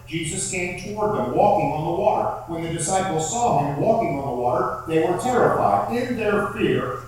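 A man preaching a sermon and reading scripture aloud, slow and emphatic, repeating phrases for effect. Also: high voice. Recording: very echoey room, heard from far off.

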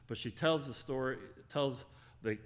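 A man preaching a sermon, asking the congregation questions, moving between loud emphatic lines and quiet intimate ones, with casual fillers and restarts. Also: mid-range voice, measured pace. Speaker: pastor.

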